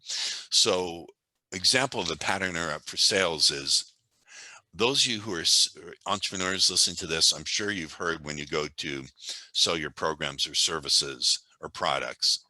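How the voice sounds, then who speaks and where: Talkative male guest storyteller, low voice with a sharp, forceful edge, dry close sound. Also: moderate pace, no echo, low-quality recording. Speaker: podcast guest, hypnosis and sales trainer. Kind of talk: conversational storytelling.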